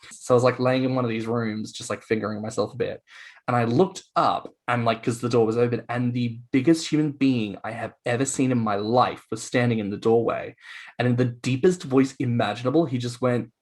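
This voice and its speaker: A man co-hosting a podcast, telling stories in a playful, animated way with quick mock voices. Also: medium pitch. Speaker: podcast co-host. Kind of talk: casual chat.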